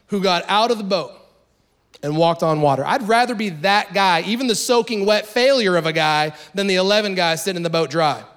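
A man preaching a sermon in a conversational, animated way, acting out little asides. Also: high-pitched, fairly quick, clean tone. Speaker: pastor.

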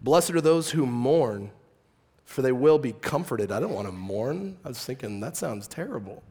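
A middle-aged male pastor preaching a casual, joking sermon that swings from quiet reflection to loud, emphatic bursts. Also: mid-range voice, animated, moderate pace.

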